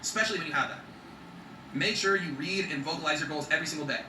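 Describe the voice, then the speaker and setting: A man's voice: fairly high pitch, rapid-fire, echoey room, far from the mic, background noise. A man talking in an emphatic motivational vlog, swearing freely and checking in with his viewers. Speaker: vlogger.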